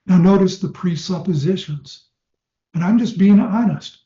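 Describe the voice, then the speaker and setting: An older man gives a relaxed, anecdotal lecture on hypnosis to his trainees, his voice soft and mellow with a slightly raised pitch. The recording is dull and lo-fi, echoing around a roomy hall. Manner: conversational, anecdotal, slows for demonstration suggestions. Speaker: clinical hypnosis teacher.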